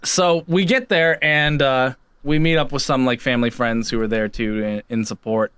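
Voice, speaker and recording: A young man co-hosting a casual podcast, telling stories and acting out relatives in high voices. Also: moderate pace, smooth, dry recording. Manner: animated storyteller, mimics relatives in high voices. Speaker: podcast co-host. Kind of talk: casual chat.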